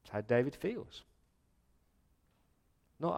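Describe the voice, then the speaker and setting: A middle-aged Australian man delivers a sermon from a church pulpit. His voice sits at an ordinary middle pitch for a man. He swings between soft, reflective passages and loud, impassioned pleading. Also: normal speed. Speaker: pastor.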